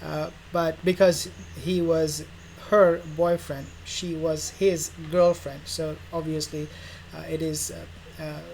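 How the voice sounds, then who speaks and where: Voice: medium pitch, little pitch movement, slow, a little mellow, rough recording. A royal news vlogger who rambles casually and sarcastically, acting out imagined dialogues. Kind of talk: casual commentary vlog. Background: faint background noise.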